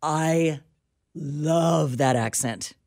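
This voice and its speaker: A woman co-hosting a radio talk show, chatting in an animated, gushing way. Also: low-pitched, drawn-out words, dry recording, studio quality. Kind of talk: casual radio banter.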